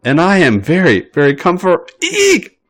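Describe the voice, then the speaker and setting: A man voicing a bratty, playful young man who talks airily and breaks into high shrieks. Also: wildly swooping pitch, moderate pace. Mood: shrieking. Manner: airy, whiny, high-pitched shrieks. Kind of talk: audiobook-style read fiction.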